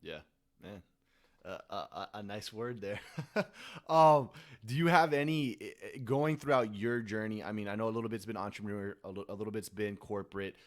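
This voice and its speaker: A man hosting a podcast, asking long, halting questions full of fillers and restarts. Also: fairly low pitch. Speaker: podcast host. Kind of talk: interview questions.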